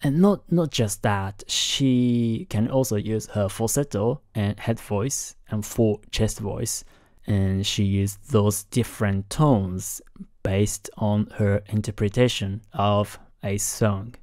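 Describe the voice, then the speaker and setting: A man hosting a lesson on singing technique, explaining in a careful, halting way and keeping his voice down because it is late at night. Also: fairly low pitch, darkish tone, dry recording, clean studio sound. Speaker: host analyzing singing technique. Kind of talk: explanatory commentary.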